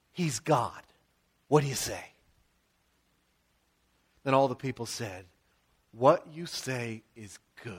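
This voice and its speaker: An American man, a pastor, preaching a sermon in a conversational, animated storytelling way with frequent asides. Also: mid-range voice, slow, long pauses, slightly rough.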